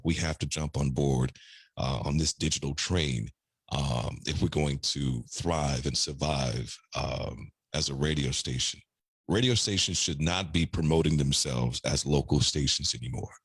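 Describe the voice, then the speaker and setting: A middle-aged man with a deep baritone voice, chatting casually as a radio personality guest, laid-back with chuckling asides. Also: a bit bright, husky, no room sound, studio quality. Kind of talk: casual interview chat.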